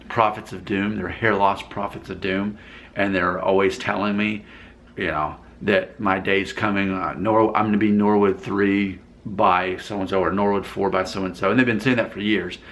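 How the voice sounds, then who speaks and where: A man's voice: low-pitched, a bit bright. A man casually rambling as he reacts to viewer comments in his vlog, often breaking into laughter.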